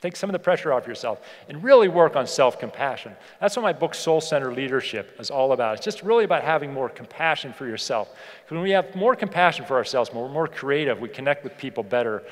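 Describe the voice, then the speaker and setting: A man's voice: mid-range voice, expressive, fast. A man giving a motivational keynote speech on a conference stage, emphatic and repeating phrases for effect. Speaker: keynote speaker. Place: large conference hall. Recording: long hall reverb from a PA.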